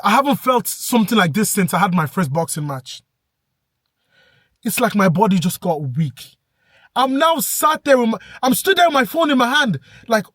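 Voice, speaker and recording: A young man telling an animated, breathless story in a vlog rant, bursting into shouts now and then. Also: sits high, no room sound, studio quality. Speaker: vlogger.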